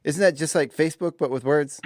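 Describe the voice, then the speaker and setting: A man's voice: a little high, dry recording, studio quality. A man co-hosting a morning radio show, chatting casually, laughing easily and reading news items aloud with little restarts. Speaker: radio co-host.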